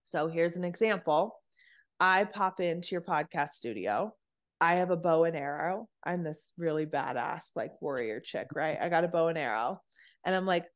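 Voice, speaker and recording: Speaking at normal speed in a low-pitched voice, a woman on a podcast casually explains nervous system regulation. Animated and unafraid to swear, she dramatizes the voices she quotes.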